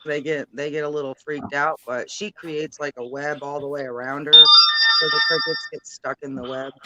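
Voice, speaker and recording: A woman's voice: sits low, fairly even intonation, normal speed, highs cut off, very noisy. A woman in her late thirties, a guest in a casual chat, talking in a rambling, giggly way. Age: 30s.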